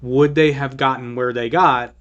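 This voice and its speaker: A man's voice: mid-range voice, fairly even intonation, moderate pace, a bit bright, muffled recording. A man co-hosting a casual podcast conversation, with a mid-range voice. He jokes easily and often restarts a sentence partway through. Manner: joking, restarts his sentences. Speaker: podcast co-host. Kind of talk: casual chat.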